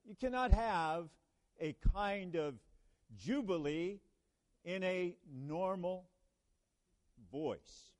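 A man preaching a sermon at a church conference in an earnest way, pausing and restarting, then rising to emphatic proclamations. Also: high-pitched. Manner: slow, earnest, with halting restarts and sudden emphatic rises.

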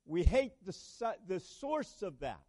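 A man with a fairly high voice preaches a sermon at a measured, unhurried pace. He speaks earnestly and halts to restart phrases. At times he builds to emphatic, ringing proclamations. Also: big pitch swings, dark tone. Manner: slow, earnest, with halting restarts and sudden emphatic rises. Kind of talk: sermon at a church conference.

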